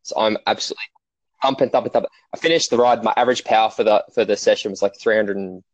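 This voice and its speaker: A man in casual chat, telling animated stories and swearing freely. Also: lowish voice, rapid-fire, dry recording. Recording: dull lo-fi dry sound.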